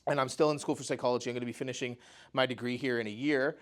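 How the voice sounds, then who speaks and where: A man's voice: medium pitch, fairly even intonation, racing. Conversational man telling a personal story. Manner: conversational, often says "you know" and "right?". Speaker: speaker at a mental health talk.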